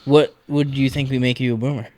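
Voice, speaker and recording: A man's voice: mid-range voice, little pitch movement, a little fast, darkish tone, dry recording. Teasing man, dry close sound. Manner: joking, teasing, laughs often. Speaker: podcast co-host. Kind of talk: casual podcast banter.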